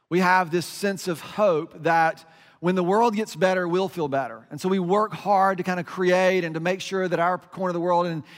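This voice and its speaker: A man's voice: high voice, in a large hall. A middle-aged man, a pastor, giving a conversational sermon with self-deprecating stories and lots of fillers.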